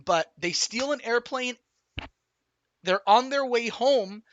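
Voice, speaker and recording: High bright-voiced excitable male streamer. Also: takes it slowly, no echo, highs cut off. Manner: animated, swears a lot, rambling with restarts. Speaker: streamer reviewing a film. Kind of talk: excited casual movie recap.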